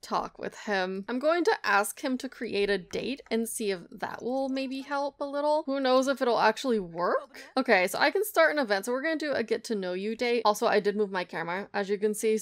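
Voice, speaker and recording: A woman's voice: fairly high pitch, lively intonation, normal speed. Chatty woman narrating her gameplay. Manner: chatty, thinks aloud, laughs often. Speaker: gameplay video creator. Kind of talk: casual gameplay commentary.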